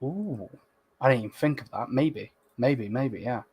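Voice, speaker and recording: A man hosting a fan livestream, reading chat comments in a casual, slangy way and bursting into loud, sweary excitement. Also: medium pitch, unhurried, husky. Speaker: fan channel host.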